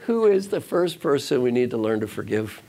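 A man's voice: medium pitch, big pitch swings, brisk, gravelly, a little mellow, a little hiss or hum. A man giving a motivational talk to an audience, repeating key phrases and speaking to them directly. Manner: repetitive, coaxing, addresses audience directly.

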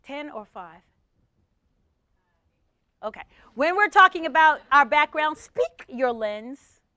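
A middle-aged woman talks to an audience in a high, bright voice. She is animated and punchy, and she tells stories while playing with the crowd. The sound is dry and close. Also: slow, no room sound. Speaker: speaker addressing an audience. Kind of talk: conversational talk with storytelling.

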